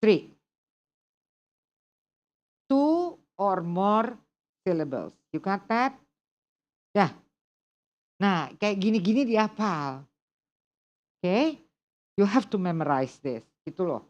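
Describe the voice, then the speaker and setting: A woman's voice: mid-range voice, very animated, takes it slowly, long pauses, a little mellow, highs cut off. A woman teacher with an Indonesian accent, speaking Indonesian natively, teaching an English class and chatting and joking as she switches between English and Indonesian. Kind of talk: classroom lesson.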